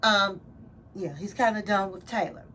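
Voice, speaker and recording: A woman's voice: mid-range voice, steady tone, normal speed, fairly bright tone. A woman casually recapping a reality show episode, retelling scenes and quoting what people said.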